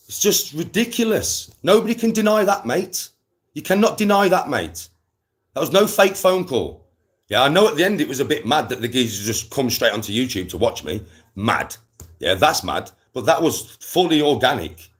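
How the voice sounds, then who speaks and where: A young man chatting to his live-stream viewers in a casual, animated way, full of slang and swearing. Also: medium pitch, normal speed. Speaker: livestreamer.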